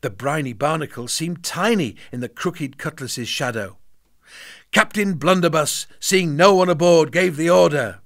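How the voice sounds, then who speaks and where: A man reading a children's bedtime story aloud with an expressive, playful delivery. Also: fairly high pitch, unhurried, no echo, studio quality.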